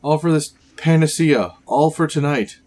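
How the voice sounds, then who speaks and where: A man voicing a gaunt, sickly male scientist villain, reading game dialogue aloud in a grave, measured way. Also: a little high, darkish tone, natural voice.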